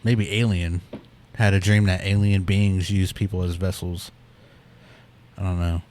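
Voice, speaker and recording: A man's voice: deep voice, flat delivery, a little slow, a little mellow, slight background noise. A man hosting a podcast who reads a listener's story aloud and comments on it with hesitant fillers. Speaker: podcast host reading listener stories. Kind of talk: reading aloud and casual chat.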